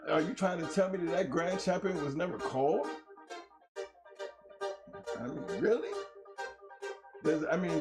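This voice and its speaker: A man hosting a casual talk show, hoarse from losing his voice, explaining his points at length in a laid-back, slangy way. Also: a little high, measured pace, long pauses. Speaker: host. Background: music.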